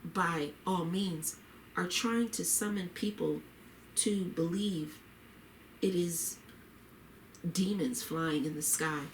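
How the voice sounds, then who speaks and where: A woman's voice: on the low side, slow, pauses often, slight background noise. A woman reading the lines of a hopeful, pious young woman in a story, earnestly and reverently. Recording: roomy echo.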